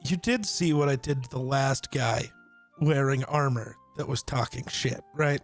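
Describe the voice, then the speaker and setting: A man's voice: medium pitch, measured pace, faint music behind. A man joining in as a player in a tabletop game, chatting casually and joking. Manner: joking, laughing. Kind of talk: casual chat.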